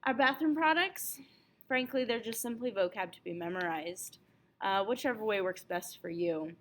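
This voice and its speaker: A woman's voice: mid-range voice, a bit bright. Patient woman reviewing French grammar. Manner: clear, patient explaining with slowed example phrases. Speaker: French teacher. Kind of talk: test review lesson.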